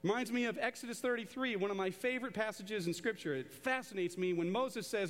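A man preaching a sermon to a church congregation, animated and conversational, drawing the crowd into call-and-response. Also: high voice, a little fast, long reverb tail. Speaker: pastor. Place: large church auditorium.

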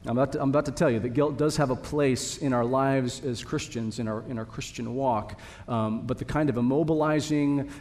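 A man's voice: medium pitch, a little mellow. A man preaching a sermon to his congregation, earnest and building to emphatic repetition. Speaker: pastor. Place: church sanctuary. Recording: long reverb of a hall.

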